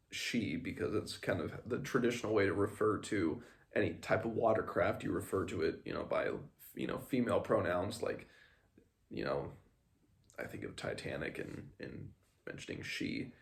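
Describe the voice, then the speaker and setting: A man's voice: on the low side, normal speed, vocal fry. A man hosting a casual book discussion podcast, rambling through a chapter with fillers and self-corrections. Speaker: podcast host.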